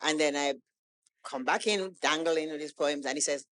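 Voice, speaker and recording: Low-voiced woman telling a story. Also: brisk. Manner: animated storytelling, acts out quoted dialogue. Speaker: guest poet. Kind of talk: casual storytelling in an interview.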